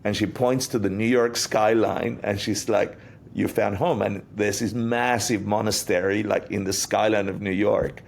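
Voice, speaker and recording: Man guest, low gravelly voice, animated storyteller, faint rumble behind. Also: moderate pace, few pauses. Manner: animated storyteller, acts out quotes. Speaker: interview guest, Buddhist teacher. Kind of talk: casual storytelling in a podcast interview.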